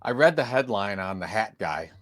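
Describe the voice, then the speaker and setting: A middle-aged man co-hosting a podcast, joking around with quick one-liners. His pitch swings up and down a lot as he talks. The sound is close and dry. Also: lively intonation, no room sound. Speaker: podcast co-host. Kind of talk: casual podcast banter.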